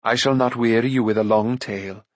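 A man voicing a calm, noble warrior prince who speaks in a measured, dignified way in an audiobook. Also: mid-range voice, no room sound, lightly acted.

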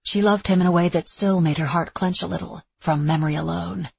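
A woman narrating a novel in a steady, even-toned storytelling manner, with a husky voice. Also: on the low side, a little fast, slight background noise. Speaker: audiobook narrator. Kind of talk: scripted narration. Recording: dry, slightly dull lo-fi recording.

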